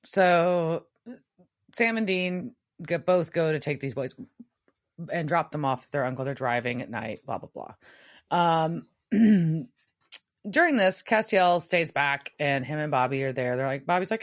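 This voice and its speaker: A woman's voice: deep voice, expressive, unhurried, no room sound, studio quality. A woman co-hosting a podcast, casually recapping a TV episode with lots of fillers. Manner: chatty recapping with many fillers. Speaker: podcast co-host.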